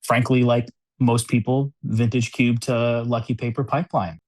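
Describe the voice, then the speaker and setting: This medium-pitched male voice barely moves in pitch, runs at a normal pace, and sounds a bit mellow in a dry recording. He's a US cube designer guesting on a podcast in New York City, laughing a lot and filling a casual interview with "like" and "you know."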